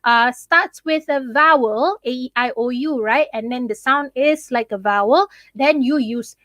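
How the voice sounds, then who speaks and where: A woman's voice: high voice, a little slow, fairly bright tone, no echo. A young Malaysian woman teaching English in a live online class, chatty and mixing in Malay, who keeps checking in with "okay?".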